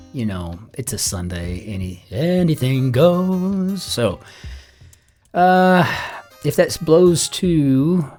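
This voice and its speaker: Chatty middle-aged man solving a crossword. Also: on the low side. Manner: chatty, rambling, mutters clues half to himself. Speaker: crossword solver and channel host. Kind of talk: casual think-aloud puzzle solving. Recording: soft guitar music underneath.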